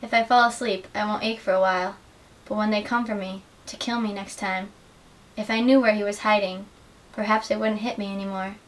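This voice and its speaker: A young adult woman giving an earnest, measured dramatic reading of literary excerpts as a student reader. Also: medium pitch, steady tone. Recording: distant mic with faint hiss.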